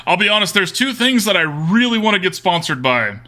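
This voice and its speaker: A man's voice: sits high, big pitch swings, fairly quick, sharp tone. A man streaming a card game live, joking with chat in a put-on drawling cowboy-style accent. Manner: joking, chatty, talks to chat with "y'all" and "friendo".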